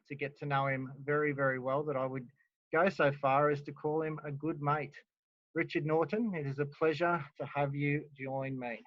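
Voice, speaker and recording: A man's voice: medium pitch, dry recording. Queensland Australian man in his forties, easygoing host, dull dry sound from a backyard. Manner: chatty, laughing, filler-heavy. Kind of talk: casual interview chat. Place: backyard, outdoors.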